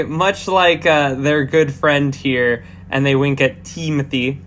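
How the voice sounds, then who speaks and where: A man narrating as game master of a tabletop game, halting with many fillers and restarts. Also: mid-range voice, fairly even intonation, a bit bright, slight background noise.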